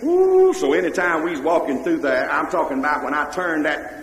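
A man with a Mississippi Southern accent telling comic stories on a live stage, loud and animated, yelling for effect. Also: a little high, fairly quick. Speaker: comedian storyteller. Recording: echoey hall, faint noise.

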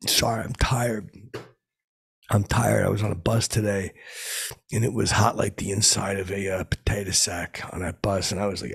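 A man voicing a tired, rambling, washed-up middle-aged pop singer with a gravelly, raspy voice, in an improvised comedy monologue. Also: lowish voice, exaggerated voice. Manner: rambling, drifting, mumbled asides. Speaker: comedy character host.

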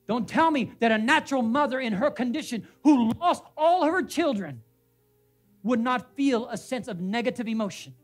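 A male pastor preaching a sermon in a church. He repeats names and phrases for emphasis and puts questions to the congregation. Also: very high-pitched. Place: church sanctuary.

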